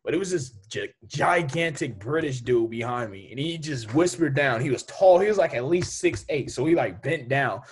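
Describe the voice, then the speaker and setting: A young man co-hosting a podcast, telling stories in an animated way and laughing often. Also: mid-range voice, normal speed, hardly any pauses, breathy edge. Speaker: podcast co-host. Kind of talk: casual chat.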